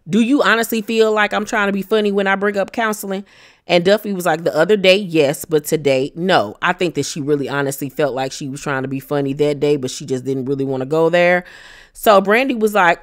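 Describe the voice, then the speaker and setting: A woman recapping a reality show episode in a sassy, animated way, acting out quotes with shifting pitch.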